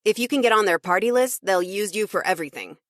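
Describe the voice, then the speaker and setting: A woman's voice: mid-range voice, animated, quick pace, no echo, clean studio sound, close to an everyday voice. A woman voicing a jovial, chatty man. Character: friendly man, wedding photographer, jovial.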